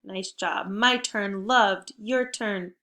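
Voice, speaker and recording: A woman teaching a spelling lesson to young children, speaking slowly and clearly, upbeat and encouraging. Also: medium pitch, sharp tone. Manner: slow, deliberate word-by-word modeling.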